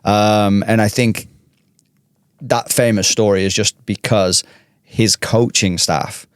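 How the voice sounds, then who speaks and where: A man talks in a loose, rambling style, stopping to restart his sentences, as a podcast host chatting. His voice is fairly low. The recording is dry and close. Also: fairly even intonation, slow pace, smooth, no room sound. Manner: rambling, many restarts and fillers. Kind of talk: casual chat.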